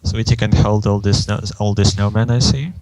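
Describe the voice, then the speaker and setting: A man's voice: on the low side, fairly even intonation, normal speed, a little mellow, no room sound, poor audio. A man co-hosting a casual podcast chat, wry and playful. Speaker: podcast co-host.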